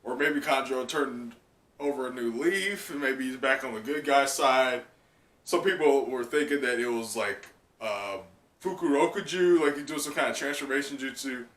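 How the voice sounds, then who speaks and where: A man chatting excitedly through a live reaction, talking loosely with lots of "like" and trailing thoughts. His voice sits at an ordinary middle pitch. The mic is set back from him, and the room gives the sound a noticeable echo. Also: moderate pace. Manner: excitable, chatty, heavy use of "like". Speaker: manga reaction channel host. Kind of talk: casual live reaction commentary. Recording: roomy sound from a distant mic.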